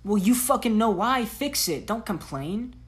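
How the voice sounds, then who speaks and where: A woman's voice: mid-range voice, expressive, a little slow. A woman hosting a solo podcast, giving blunt, profane, slang-heavy tough-love talk. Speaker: podcast host.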